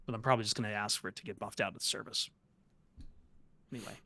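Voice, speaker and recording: A man hosting a sports podcast, bantering casually and cracking quick jokes. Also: on the low side, fairly even intonation, pushed and bright. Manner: joking, quick asides. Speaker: podcast host.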